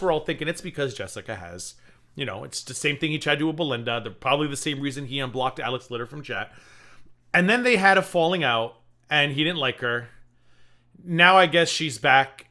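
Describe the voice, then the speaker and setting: Bright-voiced sarcastic male reaction host. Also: mid-range voice. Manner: sarcastic, mocking asides. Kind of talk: casual reaction commentary.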